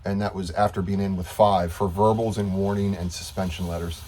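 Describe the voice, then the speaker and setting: A man's voice: sits low, level tone, fairly quick, dark tone, slightly rough. A man giving a casual video update to coworkers as their union steward, frustrated and rambling, repeating himself.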